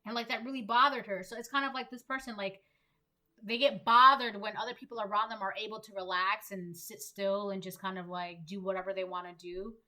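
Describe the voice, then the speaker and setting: Bright-voiced woman giving a tarot reading. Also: mid-range voice, fairly even intonation, fairly quick. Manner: emphatic, repetitive, lots of "like". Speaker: tarot reader. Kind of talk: collective tarot reading, casual monologue.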